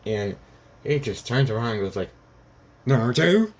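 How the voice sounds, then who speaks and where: A man's voice: fairly low pitch, moderate pace, darkish tone. A man casually retelling a fan story in a rambling way, often saying "goes like" between lines.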